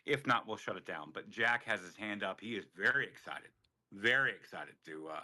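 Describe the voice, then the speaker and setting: Bright-voiced, blunt male co-host. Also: on the low side, expressive. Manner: blunt, quick agreeing interjections. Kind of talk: casual political chat.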